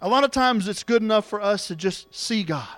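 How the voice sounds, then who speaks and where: A middle-aged preacher with a drawl delivers an emotional sermon, rising to loud cries and sinking to soft, tender near-whispers. His voice sits high for a man. The sound is dry and close, with faint music underneath. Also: expressive, brisk, no room sound. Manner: emotional, swings from loud exhortation to hushed tenderness.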